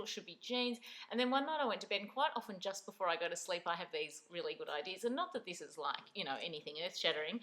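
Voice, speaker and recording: A woman's voice: mid-range voice, fairly bright tone, rough recording. A middle-aged Australian woman hosting a casual vlog chat, enthusiastic and chatty as she answers viewer questions. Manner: chatty, enthusiastic, laughs often. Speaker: vlog host.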